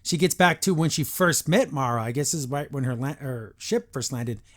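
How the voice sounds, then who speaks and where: A man's voice: mid-range voice, normal speed. A man hosting a podcast, chatting casually and opinionatedly through an episode review and acting out the characters' lines in his own take on their voices.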